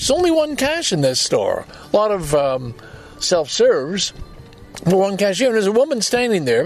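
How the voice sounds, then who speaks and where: Gravelly guy ranting on his own podcast, swears a lot, bit higher voice, faint music behind. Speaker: podcast host. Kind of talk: casual solo podcast monologue. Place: in a parked car.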